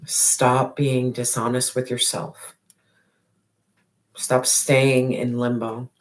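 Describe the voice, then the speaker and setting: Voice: medium pitch, flat delivery, slow. A tarot reader giving a spiritual reading straight to the viewer, emphatic and repetitive, with casual slang and the odd swear.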